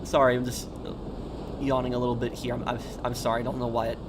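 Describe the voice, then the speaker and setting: A man's voice: medium pitch, heavy background noise. Tired, easygoing male game streamer. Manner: relaxed, halting, chatty. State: a little tired. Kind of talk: live stream chat, answering viewers.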